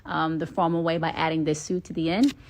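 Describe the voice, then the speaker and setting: A woman's voice: low-pitched, fairly even intonation, brisk, a little mellow, a little hiss or hum. Chatty woman on a phone stream. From Atlanta, Georgia, US. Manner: chatty, many ums, playful accent switching. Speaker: livestream host answering fan questions. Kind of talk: casual chat.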